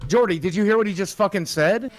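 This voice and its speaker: A middle-aged man shouting and swearing nonstop in a heated livestream argument. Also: sits high, fast, soft background music. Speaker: livestream show member.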